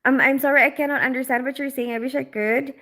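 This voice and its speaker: Young adult woman raised in the Philippines; chatty livestream host, bright and a bit high. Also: steady tone. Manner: chatty, quick, laughs often, many fillers. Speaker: livestream host, operating room nurse. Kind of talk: casual livestream chat, reading comments.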